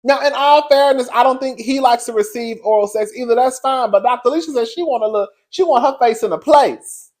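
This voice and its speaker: A man giving casual commentary on a reality show, sassy and frank, laughing often, with big swoops in pitch. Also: a little fast, few pauses, darkish tone. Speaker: reality TV reviewer.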